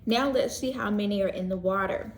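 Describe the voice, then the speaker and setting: A woman teacher reading a picture book aloud to young children, gentle and expressive, pausing to ask questions and explain words. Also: medium pitch, slight background noise. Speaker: pre-K teacher. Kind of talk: read-aloud story lesson for young children. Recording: echoey room.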